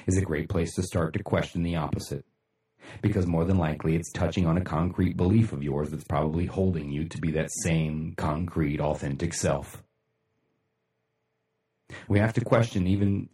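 A man hosting a casual motivational livestream, talking bluntly with lots of swearing and shout-outs to viewers. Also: sits low, roomy sound, far from the mic. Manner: blunt, profane, rambling, laughs often. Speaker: livestream host.

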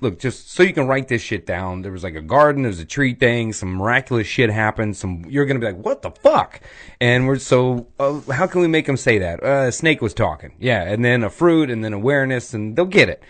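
A man hosting a casual podcast chat, joking and animated, swearing freely and slipping into mock voices. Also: medium pitch, fairly quick, hardly any pauses, no echo. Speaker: podcast host.

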